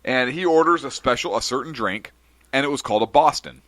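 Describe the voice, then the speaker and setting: A man co-hosting a casual podcast chat, telling an anecdote with lively, playful delivery. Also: medium pitch, fairly quick, no room sound. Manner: animated storyteller, acts out voices in anecdotes. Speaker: podcast co-host.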